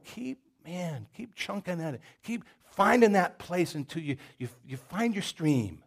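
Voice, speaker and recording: Man, pastor, Southern US accent, folksy sermon, fairly high-pitched, storytelling. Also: very animated, moderate pace, gravelly, few pauses, husky. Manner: folksy, conversational preaching with jokes and stories. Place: church.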